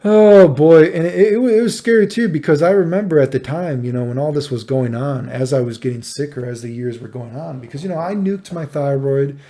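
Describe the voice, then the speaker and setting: A man in his thirties, rambling through a personal story with a gravelly edge and a dark, relaxed tone. He swears freely and sounds exasperated as he retells it in a casual vlog manner. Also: fairly high pitch, fairly quick, few pauses. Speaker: vlogger.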